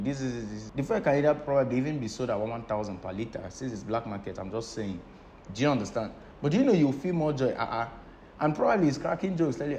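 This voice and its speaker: Male business trainer with a Nigerian English accent, mid-pitched voice, teaches by rhetorical question, faint noise behind. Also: quick pace, darkish tone. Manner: asks rhetorical questions and answers them himself. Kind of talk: teaching a class.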